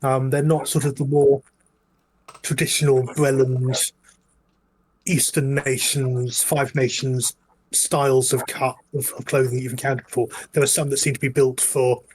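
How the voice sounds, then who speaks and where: A man's voice: mid-range voice, flat delivery, moderate pace, darkish tone, slightly rough, low-quality recording. A man narrating as game master of a tabletop game, describing scenes in a rambling way full of fillers.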